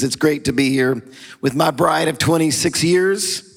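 A middle-aged man preaches a sermon in a church sanctuary, his voice pitched a little high and rough with fry. He shifts from shouted calls for praise to quieter storytelling asides. The sound rings with a long hall reverb. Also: measured pace. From half German, half Hispanic. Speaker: pastor.

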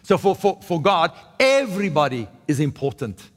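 With a big-room sound, a very animated pastor speaks at normal speed in a fairly high voice, preaching in a conversational style. Sentences get restarted, and "right?" comes up frequently as he checks in.

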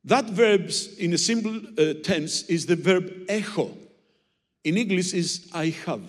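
Guy preaching in english, slow and animated, echoey church hall. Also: high voice. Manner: animated, teasing, with audience demonstrations. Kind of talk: sermon with Greek word study. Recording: long hall reverb.

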